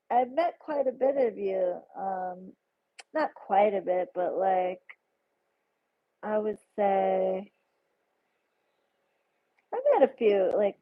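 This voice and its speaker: A woman hosting a casual livestream, chatty and effusive as she reads out viewer comments. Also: medium pitch. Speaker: tarot livestream host. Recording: phone-like narrow sound.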